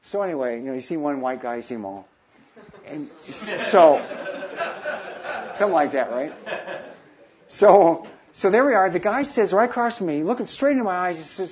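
Husky man in his fifties telling stories. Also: a little high, normal speed, long pauses, dull audio. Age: 50s. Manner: animated anecdote-telling, acting out quoted voices. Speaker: missionary. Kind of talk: storytelling talk.

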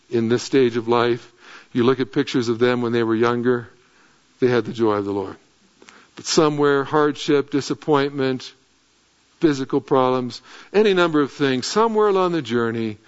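A middle-aged male pastor telling a lively story in a sermon, then sinking into earnest, low, quiet appeals. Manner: animated anecdote, dropping to earnest low tones. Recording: dull lo-fi sound.

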